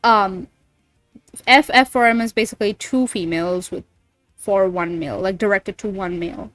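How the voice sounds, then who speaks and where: A woman's voice: medium pitch, moderate pace, a bit bright, dry recording, soft background music, poor audio. A young woman voice actor chatting casually with viewers on a livestream, giggly, slangy and given to swearing. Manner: giggly, slangy and profane, reacting to chat.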